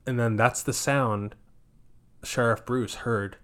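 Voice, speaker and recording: A man co-hosting a casual movie review podcast, retelling scenes in an animated way. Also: medium pitch, slow. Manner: animated, acts out scenes in exaggerated voices. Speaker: podcast co-host.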